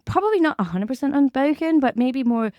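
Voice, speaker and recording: A woman's voice: sits high, expressive, fairly quick, dry recording, highs cut off. A woman with a mixed Irish and British accent, a security manager chatting candidly as a podcast guest. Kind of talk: casual interview chat.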